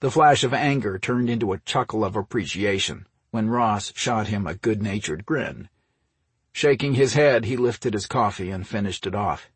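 A man reading an audiobook story in a steady, measured narration. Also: fairly low pitch, husky, dry recording. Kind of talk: scripted narration.

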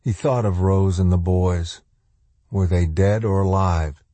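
Deep, husky male audiobook narrator. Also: fairly even intonation, warm tone, no echo. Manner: low, measured and grave.

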